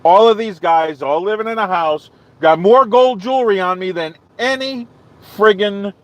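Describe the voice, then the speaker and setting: A man holding forth on his live stream, spinning a long, rambling tale and playing every line of dialogue himself. His voice sits a little on the high side, and he keeps the telling loose and chatty. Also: normal speed. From not from the American South. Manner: rambling, animated storyteller acting out his own quotes. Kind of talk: casual storytelling to live chat.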